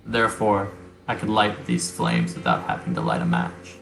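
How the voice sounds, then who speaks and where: A man voicing a weary dragonborn man who smokes, in a slow, low, breathy drawl. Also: very animated, fairly bright tone, full character voice. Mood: wistful. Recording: roomy recording, faint music.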